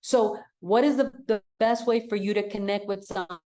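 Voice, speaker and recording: An energetic woman coaching an audience with a direct, emphatic delivery. She sits at a mid pitch for a woman and hammers her key points home by saying them twice. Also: normal speed. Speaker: real estate coach. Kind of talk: coaching talk.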